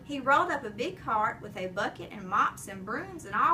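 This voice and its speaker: Animated woman reading a kids' book. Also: a little high, moderate pace, far from the mic, over loud music. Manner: expressive, animated storytelling. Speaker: audiobook reader. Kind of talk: children's chapter-book narration.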